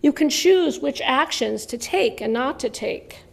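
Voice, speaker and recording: Earnest woman lecturer with a gravelly edge. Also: high-pitched, lively intonation, unhurried. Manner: earnest and reflective, stressing key words. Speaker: writer giving a talk. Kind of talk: spoken lecture on religious texts.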